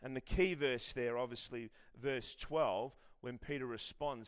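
With a clear, resonant tone and medium pitch, a middle-aged pastor from Western Australia takes his time through a sermon. He keeps it lively and conversational, weaving in personal stories and self-deprecating jokes.

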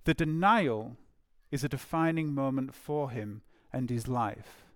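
A man's voice: mid-range voice, a little slow, a bit bright, no echo, studio quality. A man preaching a sermon in an earnest way, repeating key phrases for emphasis.

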